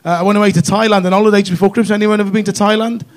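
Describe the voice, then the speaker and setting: A man's voice: sits high, little pitch movement, racing. A middle-aged man from northwest England with a northwest English accent, doing a stand-up comedy set in a chatty, cheeky way with lots of tag questions. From Runcorn, northwest England. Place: comedy club stage.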